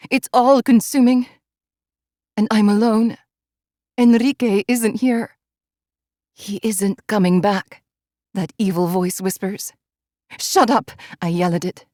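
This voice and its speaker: A woman narrates an audiobook in the first person at an unhurried pace, her reading intimate and emotionally charged. The recording is close and dry, with no room sound. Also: mid-range voice, darkish tone, no room sound.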